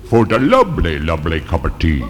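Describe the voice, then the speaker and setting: A man's voice: sits low, wildly swooping pitch, fairly quick. A man putting on a sly old tribal chief. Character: male tribal chief, sly, slow and polite. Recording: live hall with long reverb.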